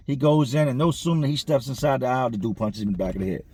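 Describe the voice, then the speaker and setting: A man's voice: mid-range voice, lively intonation, racing, hardly any pauses, mellow, breathy edge, no room sound. A man casually telling a story in slangy street vernacular, with frequent conversational asides to the listener.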